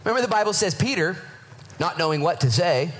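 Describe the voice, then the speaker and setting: A man's voice: high voice, lively intonation, fast talker, fairly bright tone. A man preaching a sermon to his church, acting out voices of Bible figures as he goes. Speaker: pastor.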